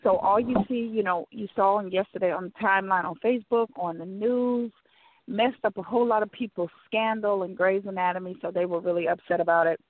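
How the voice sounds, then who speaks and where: A woman's voice: medium pitch, fairly even intonation, brisk, a little hiss or hum. A woman co-hosting live talk radio, chatty and effusive, stretching out words for emphasis. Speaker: radio show co-host. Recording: phone-like call-in line.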